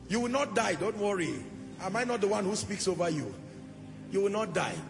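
A man's voice: high voice, expressive, normal speed, vocal fry, music in the background. A man preaching a sermon, impassioned, often swelling into sung, chanting phrases. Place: church hall. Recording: long church hall reverb.

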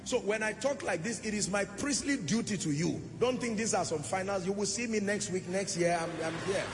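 Impassioned preacher in a reverberant hall. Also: male voice, high voice, brisk, noisy background. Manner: impassioned, swelling into sung phrases. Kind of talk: sermon. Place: church hall. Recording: long church hall reverb.

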